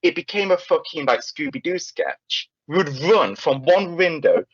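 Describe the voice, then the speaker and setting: Young guy, lively storyteller who swears a lot; dull lo-fi, dry recording. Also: on the high side, normal speed, breathy edge, dry recording. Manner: animated, swears freely, lots of restarts. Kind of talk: casual anecdote telling.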